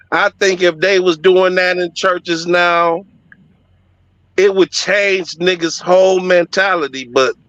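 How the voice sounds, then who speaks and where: Middle-aged man, forceful bright tone, emphatic and heartfelt storyteller, dry dull lo-fi recording. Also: high-pitched, no room sound. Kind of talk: personal storytelling.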